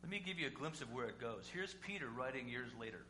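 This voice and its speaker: Conversational male pastor, bright and echoey. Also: mid-range voice, lively intonation, quick pace. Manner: conversational, with rhetorical questions and dramatic swings in loudness. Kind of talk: sermon. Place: church sanctuary. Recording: echoey room with faint hum.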